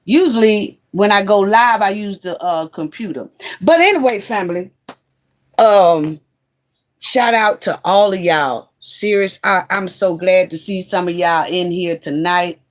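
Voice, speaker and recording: Woman host, slow and easygoing, greets her viewers by name. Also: mid-range voice. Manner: chatty, greets viewers by name, fiddles with phone setup. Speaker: livestream host. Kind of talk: casual livestream chat. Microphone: phone.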